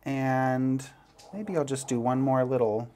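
Man, knitting instructor, mid-pitched, casual and playful, talks through each step while working. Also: takes it slowly, dark tone, a little hiss or hum. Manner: chatty, playful, demonstrating as he goes. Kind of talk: step-by-step craft tutorial.

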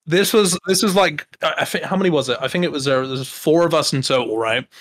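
Laughing podcast storyteller. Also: male voice, a little high, fast. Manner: animated, laughing, quotes people in voices. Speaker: podcast co-host. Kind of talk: casual storytelling chat.

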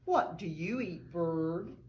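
A woman voicing a boastful male frog in a children's storybook, with loud, drawn-out bragging. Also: lowish voice, animated, slight background noise, pitched below the performer's own voice.

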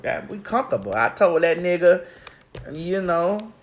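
A woman's voice: fairly low pitch, very animated, moderate pace, slight background noise. A woman hosting a casual chat, telling brash, profane, rambling stories. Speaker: host. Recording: roomy echo.

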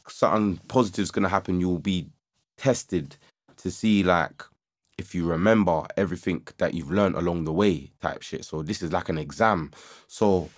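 A young man telling a story casually on a livestream, slangy and animated, climbing into agitated outbursts as he relives it. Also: on the low side. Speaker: livestream host. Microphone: studio microphone with audio interface.

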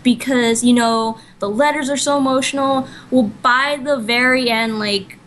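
On a casual podcast, a female co-host retells a story in a rambling way, packing in "like" and "you know" and often correcting herself partway through sentences. Her voice sits on the high side, fairly bright, with fairly even intonation and a moderate pace. The audio is poor, with a little hiss or hum.

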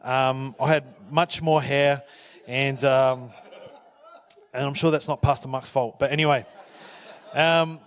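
A man pastor speaking to a church, halting and full of restarts, with self-deprecating humour. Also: mid-range voice, fairly even intonation. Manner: halting, with many fillers and restarts. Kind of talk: church talk.

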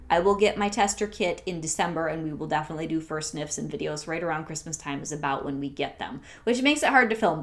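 A woman talking through a product haul in a casual vlog, gushing and chatty, sometimes dropping to a soft near-whisper. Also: lowish voice. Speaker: scent consultant and channel host.

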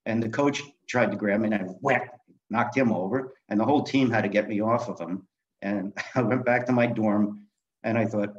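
A man's voice: on the low side, a little fast, dull audio. An older man, a guest author, telling candid stories from his life in a blunt, swearing way, laughing now and then. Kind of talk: storytelling interview.

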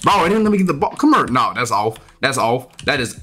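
Animated trash-talking young male gamer. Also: mid-range voice, fairly quick, slightly rough. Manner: trash-talking, excitable, profane. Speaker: gaming streamer. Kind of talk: live gameplay commentary.

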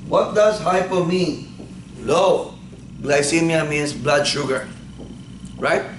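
A man's voice: on the high side, takes it slowly. A male instructor giving a classroom lecture. He keeps asking the class questions and then answering them himself. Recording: echoey classroom, faint background noise.

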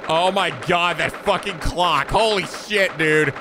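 A man commenting excitedly on a video game as he plays, swearing and laughing often. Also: high voice, a little slow, background noise. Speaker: let's play host.

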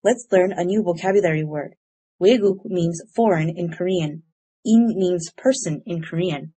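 Husky-voiced woman teaching a grammar lesson. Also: on the low side, mellow. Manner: clear, measured explanations with slow example sentences. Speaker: language teacher. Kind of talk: scripted grammar lesson narration.

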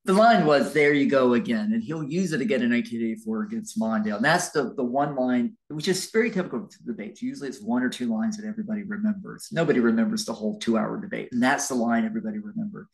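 A male history lecturer talks through a recorded class in a loose, conversational way. He rambles a bit, restarts his sentences and drops in fillers. His voice carries a gravelly edge at a middle pitch. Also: fast talker, hardly any pauses, low-quality recording.

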